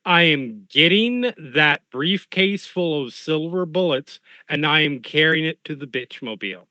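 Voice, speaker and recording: A man's voice: on the high side, animated, measured pace, pushed and bright, no room sound, muffled recording. A man playing a tabletop role-playing game, joking and speaking in character in first person. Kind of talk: casual game table chat.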